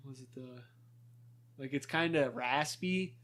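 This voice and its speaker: A man's voice: mid-range voice, a little slow, a bit bright. A young man co-hosting a podcast, rambling in casual chat, swearing a lot and laughing often. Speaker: podcast co-host.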